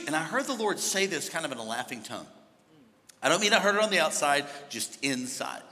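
A man preaching a sermon as pastor, moving between hushed storytelling and shouted exhortation. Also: sits high, very animated, fast talker, in a large hall. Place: large church.

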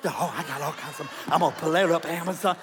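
A middle-aged man preaching a comedic sermon, animated, joking and acting out the voices of his listeners. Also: fairly high pitch, fairly quick, a little hiss or hum. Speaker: pastor. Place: large church hall. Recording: sermon in a reverberant church.

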